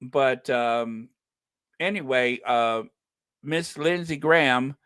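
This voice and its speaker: A man's voice: medium pitch, slow pace, a bit bright, clean tone, no room sound. A man hosting a casual commentary vlog, joking and hesitant with many ums and restarts. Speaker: channel host.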